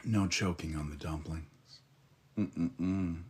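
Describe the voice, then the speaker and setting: A man chatting live with his viewers in a flirty, teasing way, drawing out his words and murmuring softly, while getting over a head cold. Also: deep voice, lively intonation. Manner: flirty, teasing, slow drawl with soft murmurs. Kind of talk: casual live-stream chat.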